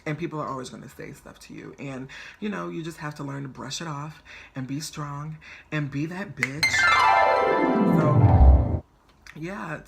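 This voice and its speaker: A man in his twenties telling a personal story on his vlog in a chatty, flamboyant and animated way. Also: a little high, creaky, slight background noise. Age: 20s. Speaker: vlogger.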